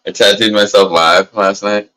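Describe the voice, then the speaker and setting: Casting: low-voiced man hosting a stream, loose and profane, coughs from smoking, sharp bright tone. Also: fairly even intonation, moderate pace, low-quality recording. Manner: loose, profane, laid-back rambling. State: coughing now and then from smoking. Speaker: livestream host. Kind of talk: casual livestream chat. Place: indoors at a grow setup.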